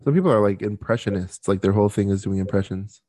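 A man in his thirties co-hosting a podcast in casual chat, chatty and quick to laugh, often acting out quotes. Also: fairly low pitch, mellow. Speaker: podcast co-host.

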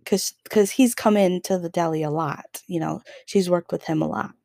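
A woman's voice: fairly low pitch, moderate pace, vocal fry, mellow, dry recording, clean studio sound. A young woman hosting a podcast, telling a story in a casual, chatty way with lots of fillers and laughs. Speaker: podcast host.

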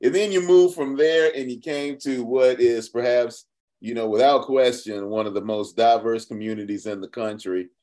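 A man hosting a podcast interview, talking in an expressive, reflective way with many restarts. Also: mid-range voice, moderate pace. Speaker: podcast host. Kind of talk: conversational interview.

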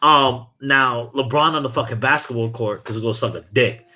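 A man's voice: mid-range voice, normal speed, bright, forceful tone. A man from Brooklyn, hosting a casual podcast and ranting about sports in heated, profane talk. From Brooklyn, New York. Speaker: podcast host.

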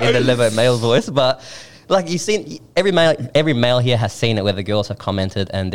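A young man co-hosting a podcast in casual chat, animated and quick to laugh. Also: mid-range voice, a little hiss or hum. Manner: animated, laughs often, mimics voices. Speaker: podcast co-host.

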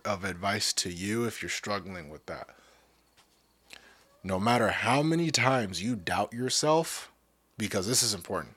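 Host type, young man, lowish voice, dry close sound, cussing freely while he rambles through advice. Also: fairly bright tone, slightly rough, no room sound. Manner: profane, rambling, with many restarts. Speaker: podcast host. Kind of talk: casual motivational monologue.

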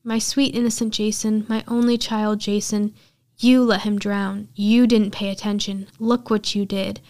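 A woman voicing a grieving, vengeful middle-aged mother who talks in a soft, hushed and intense way. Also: medium pitch, little pitch movement, a little slow, natural voice. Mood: bitter.

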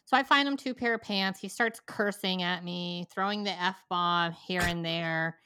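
A woman telling a story in a casual chat, animated and profane, often laughing. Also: fairly low pitch, unhurried, noisy background.

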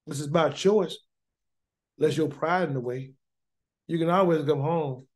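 Emphatic high-voiced male Bible teacher. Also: moderate pace, long pauses. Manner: preachy, emphatic, repeats words and asks rhetorical questions; colloquial Southern-leaning speech with "y'all" and "gonna". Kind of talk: informal Torah study sermon.

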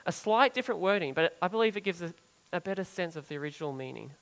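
High-voiced man preaching earnestly. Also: expressive, quick pace, vocal fry, big-room sound, poor audio. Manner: earnest preaching that swells for emphasis and drops soft and low on key phrases. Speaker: pastor. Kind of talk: sermon.

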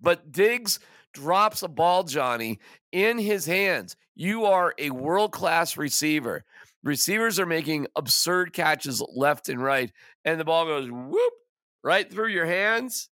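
A man's voice: on the high side, expressive, slow pace, pushed and bright, no echo, clean studio sound. A man hosting a sports podcast, ranting in an exasperated, emphatic way with stammering restarts. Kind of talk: casual sports rant.

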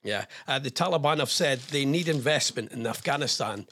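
A man's voice: mid-range voice, lively intonation, fairly quick, fairly bright tone. A man, a radio presenter reading out news items in casual chat, rambling with jokey asides.

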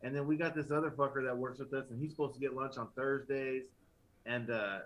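A man's voice: medium pitch, steady tone, fairly quick, rough recording. A man guest on a casual podcast, joking brashly and swearing as he talks about work. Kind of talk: casual crude chat.

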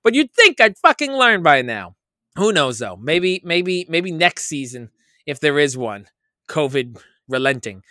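A man's voice: a little high, very animated, measured pace, pushed and bright, dry recording, studio quality. A young man co-hosting a podcast, ranting casually with lots of swearing and mock-quoted asides. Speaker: podcast co-host. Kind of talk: casual fantasy football chat.

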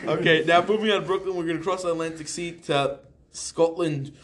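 A man's voice: on the high side, fairly even intonation, a little fast, background noise. A man co-hosting a casual podcast, rambling and joking as he slips into mock accents. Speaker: podcast co-host. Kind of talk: casual comedic chat with accent impressions.

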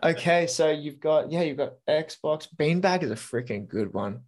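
A man's voice: on the high side, animated. A young man, a podcast guest chatting casually with lots of enthusiasm and swearing. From Australia. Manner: enthusiastic, swears freely, fast bursts. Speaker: podcast guest, metal musician.

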